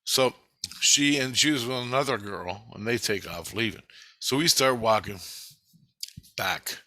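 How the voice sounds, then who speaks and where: A middle-aged man rambles through a long personal story, swearing often and doubling back on himself. His voice has a hard, bright edge. The sound is close and dry. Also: mid-range voice, a little slow, no room sound. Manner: rambling, profane, retelling a dream. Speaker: vlogger. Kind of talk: casual storytelling monologue.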